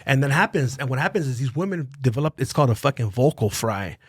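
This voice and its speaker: A man's voice: medium pitch, expressive, fast, husky, no echo, studio quality. A man on a podcast, ranting heatedly, swearing constantly and repeating phrases. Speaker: podcast guest. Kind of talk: casual profane rant. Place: podcast studio.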